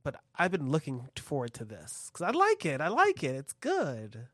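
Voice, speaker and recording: Lively, giggly co-host, dry close sound. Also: medium pitch, normal speed, no echo. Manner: animated, giggly, enthusiastic. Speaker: co-host reviewing tequila. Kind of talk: casual chat.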